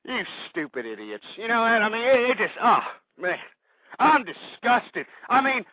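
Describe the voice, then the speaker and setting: A man's voice: very high-pitched, very animated, moderate pace. Ranting male talk radio host. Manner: angry, insulting, addresses listeners as folks. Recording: dry, muffled internet radio stream.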